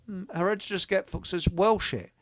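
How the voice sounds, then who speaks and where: A man's voice: high voice, a little fast, a little hiss or hum. An older man hosting a casual radio chat, rambling and joking as he reads out listener comments. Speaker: host.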